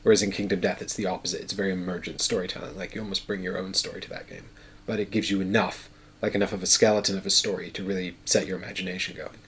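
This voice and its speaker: A man's voice: deep voice, steady tone, racing, a bit bright, breathy edge. Chatty man talking through a board game. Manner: chatty, thinks aloud, counts moves. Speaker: board game player and show host. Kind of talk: casual solo game playthrough.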